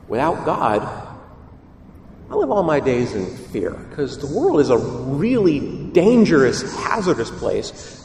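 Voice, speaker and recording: A man preaching a sermon as a priest, lively and full of rhetorical questions. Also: a little high, slight background noise. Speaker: Catholic priest. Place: church. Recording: echoey church heard from far off.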